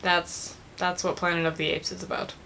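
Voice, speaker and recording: A woman's voice: fairly low pitch, little pitch movement, moderate pace, vocal fry, sharp tone, a little hiss or hum. A young woman vlogging a casual, chatty movie review, gushing like a fan and giggling often.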